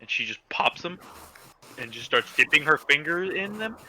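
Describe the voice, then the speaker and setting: A man narrating as game master of a tabletop game, casual and halting as he builds each scene. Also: on the high side, big pitch swings, pushed and bright, slight background noise, rough recording. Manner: casual, halting, restarts descriptions.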